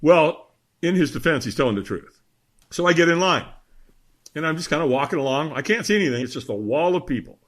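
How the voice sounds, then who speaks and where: A man's voice: a little high, fairly quick. A middle-aged man, a podcast guest, telling a story with energy and acting out the voices of the people in it. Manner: lively, acts out voices in his story. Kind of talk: animated storytelling.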